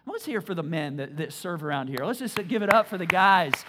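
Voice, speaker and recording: A male pastor giving an energetic sermon in a church, often repeating words as he pushes his point. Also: on the high side, quick pace, noisy background. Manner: energetic, stammering repeats, emphatic.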